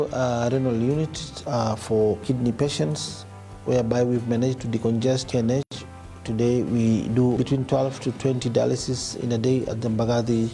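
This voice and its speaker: A man's voice: medium pitch, mellow. A man, a county health official, reporting on hospital projects with many fillers. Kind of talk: spoken report to camera.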